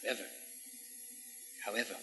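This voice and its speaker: Speaking at normal speed in a pushed, bright voice, a comedy cable show host gives a grand, campy monologue. He plays it haughty and mock-aristocratic, peppering his lines with affected French phrases.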